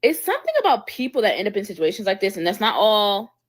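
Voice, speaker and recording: A woman's voice: medium pitch, very animated, fast talker. A woman co-hosting a livestream, telling stories in chatty, slang-filled casual talk. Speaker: livestream co-host. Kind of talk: casual chat.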